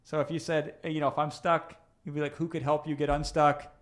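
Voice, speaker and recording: Chatty man coaching live, slightly high voice. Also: little pitch movement, fairly quick. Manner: conversational, addresses listeners directly with tag questions; frequent restarts and fillers while thinking aloud. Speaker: coach hosting a live session. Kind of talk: live-streamed coaching talk.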